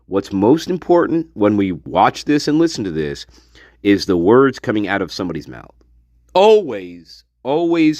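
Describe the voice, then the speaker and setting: A man's voice: lowish voice, darkish tone, no room sound, highs cut off. A man hosting a livestream, chatting casually and rambling with jokes and asides as he sets up an interview clip. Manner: rambling and joking, many fillers and asides. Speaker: livestream host reacting to an interview.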